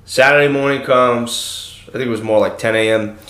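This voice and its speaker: A man in his thirties co-hosting a podcast, telling stories in a loose, animated way and swearing freely. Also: medium pitch, moderate pace. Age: 30s. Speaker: podcast co-host. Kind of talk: casual chat, storytelling. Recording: echoey room.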